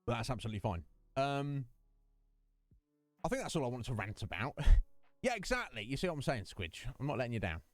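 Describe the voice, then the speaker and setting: Rambly game streamer guy, mid pitch, dry close sound, faint music behind. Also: big pitch swings, fairly quick, pauses often, no room sound. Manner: rambling, chatty, greets viewers by name. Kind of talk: casual chat with live stream viewers.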